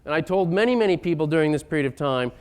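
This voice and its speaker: A man giving an emphatic lecture-style talk on economics, building to loud, insistent points. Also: a little high, expressive, very fast, clear, resonant tone. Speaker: economic speaker.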